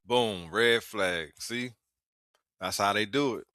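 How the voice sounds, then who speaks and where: A man's voice: lowish voice, slow, heavy background noise. A man hosting, reacting to clips in a casual way with short exclamations and warnings to his viewers.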